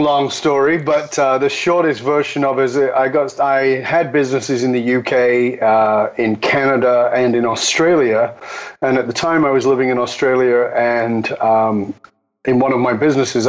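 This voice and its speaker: A man telling a story as an interview guest, acting out the exchanges he quotes. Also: mid-range voice. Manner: animated, acts out quoted exchanges. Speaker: guest speaker. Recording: dull lo-fi audio.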